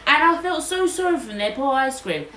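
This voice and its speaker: A woman's voice: high voice, fairly quick. A woman co-hosting a podcast, telling a story in casual chat and acting out what other people said. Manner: animated, acts out quotes. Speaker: podcast co-host. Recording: echoey room, faint noise.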